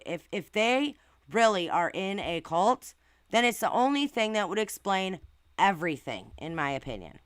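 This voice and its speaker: Woman host, casual stream commentary, indignant and blunt, bright clear tone, dry close sound. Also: mid-range voice, no echo. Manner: outspoken, indignant, swears and asks rhetorical questions. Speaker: channel host reading viewer comments.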